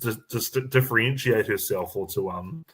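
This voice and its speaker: Kiwi male comedy guest, lowish voice, rambling delivery with many ums and restarts. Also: moderate pace, noisy background. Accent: New Zealand. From New Zealand. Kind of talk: casual chat.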